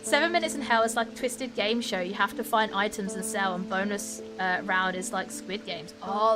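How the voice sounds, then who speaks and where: This British woman chats casually with her viewers while streaming a game, talking to chat as she plays. Her voice is mid-range, her pace moderate with few pauses, and game music plays behind her desk mic and webcam setup.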